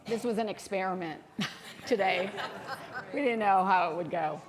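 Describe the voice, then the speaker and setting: A woman with an American accent giving an informal sermon in a church, chatty and quick to laugh as she tells stories. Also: medium pitch, a crowd in the background. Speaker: speaker at a spiritual center service. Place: church sanctuary.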